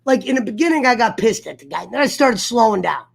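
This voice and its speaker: A man's voice: very high voice, lively intonation, fast, vocal fry. Profane fired-up man telling a story. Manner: profane, fired-up storyteller who mimics others. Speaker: host of an online sports talk show. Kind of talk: casual livestream rant.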